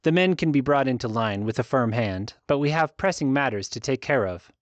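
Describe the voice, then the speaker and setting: A man reading an audiobook, voicing an old, sharp-eyed woman who leads a guild in an imperious, scolding way. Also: medium pitch, expressive, brisk, dry recording, highs cut off, close to an everyday voice. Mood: commanding. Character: ancient sharp-eyed woman guild leader, haughty and commanding.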